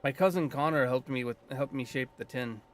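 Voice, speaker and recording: A man voicing a gruff, blunt male druid, guardian of the land, with a put-on loosely Scottish accent and a folksy, earthy manner. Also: medium pitch, a little fast, fairly bright tone, slight background noise, close to an everyday voice. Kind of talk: voicing a game character.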